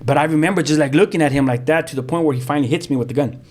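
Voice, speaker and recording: A man, a pastor telling his own story as a guest in lively, vivid storytelling with street slang and sound effects. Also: a little high, racing. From South Central Los Angeles. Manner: frequent restarts, street slang. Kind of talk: animated storytelling.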